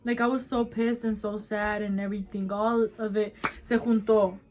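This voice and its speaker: A woman's voice: mid-range voice, flat delivery, normal speed, background noise. A nineteen-year-old woman vlogger telling a story in casual chat, blunt and swearing a lot, switching between English and Spanish mid-sentence.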